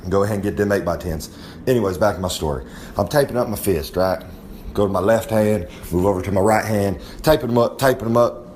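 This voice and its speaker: A man's voice: fairly low pitch, fast, a little mellow, a little hiss or hum. Boastful man rambling about himself. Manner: boastful, talks about himself in the third person; drawling, rambling storyteller with frequent asides. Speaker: recurring segment guest. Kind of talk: rambling in-character wrestling promo.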